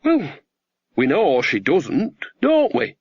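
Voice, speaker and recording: A man's voice: fairly high pitch, huge pitch swings, slow pace, breathy edge, no room sound, lo-fi sound, voice pushed up, full character voice. A man voicing a cheerful, gossipy old country witch woman with homely talk. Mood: breezy. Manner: chatty, homely, country-folksy.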